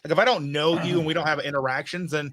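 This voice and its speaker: A man's voice: on the high side, steady tone, quick pace, a bit bright. Rambling man on a chat podcast. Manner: rambling, with many restarts and "like". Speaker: podcast host. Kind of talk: casual chat.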